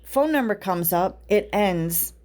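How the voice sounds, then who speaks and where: A woman podcast host talks casually in a middle pitch. She tells a personal story and keeps checking in with her listeners through tag questions. Her talk is loose and conversational, with no script. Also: expressive, slow pace, darkish tone. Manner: chatty storyteller, often adds tag questions. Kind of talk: casual spiritual podcast monologue.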